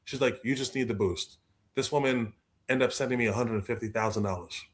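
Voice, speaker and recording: A young adult man, a guest author telling stories in a lively way, acting out the people he quotes. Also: medium pitch, a little fast. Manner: expressive, acts out quoted voices, repeats words. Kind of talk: animated storytelling in conversation.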